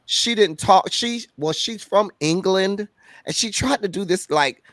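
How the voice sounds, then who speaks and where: A man's voice: high-pitched, a little slow, a bit bright, dry recording. Earnest man from Miami, dry sound. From Miami, Florida. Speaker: guest reviewer. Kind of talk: casual movie discussion.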